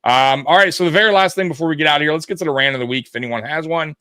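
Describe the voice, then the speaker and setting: A man hosting a casual sports talk show, profane and quick to laugh. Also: a little high, bright, forceful tone, clear, resonant tone, no echo. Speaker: podcast host.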